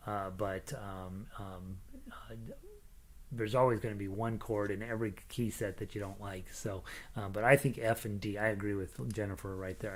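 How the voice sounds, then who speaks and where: A middle-aged man teaching ukulele, chatting casually on a live stream and reading out viewers' comments with plenty of fillers and jokes. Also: lowish voice. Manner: chatty and jokey, lots of fillers, breaks into laughs and snatches of song. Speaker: ukulele teacher greeting class chat.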